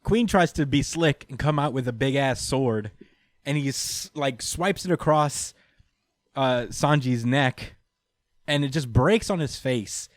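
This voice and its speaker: A man's voice: medium pitch, a little slow, no room sound. A young man in casual podcast chat, recapping a story with lots of laughter and acted-out character lines. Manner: animated, laughs often, acts out character lines. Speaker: podcast co-host recapping a manga chapter.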